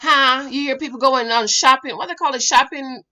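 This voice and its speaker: Bright, sassy woman hosting a live stream. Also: high voice, steady tone, normal speed. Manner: emphatic and sassy, talks back to viewers. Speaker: YouTube reaction host. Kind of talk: live reaction stream reading viewer comments.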